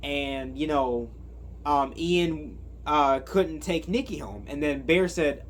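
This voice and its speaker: A man's voice: a little high, lively intonation, slow, slight background noise. A man giving a casual movie recap, rambling with lots of fillers and self-corrections. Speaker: movie reviewer.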